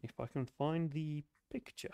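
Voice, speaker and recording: A man's voice: a little high, a little slow, gravelly, mellow, clean tone, dry recording. A man voicing a surly, foul-mouthed bar dancer who swears constantly in a tabletop game. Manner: swears constantly, grumbling and cagey.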